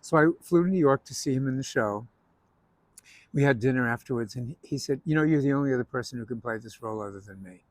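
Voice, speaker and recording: A man's voice: mid-range voice, fast talker, no echo, rough recording. A man hosting a casual chat, telling stories from his stage career. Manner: anecdotal storyteller. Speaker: host.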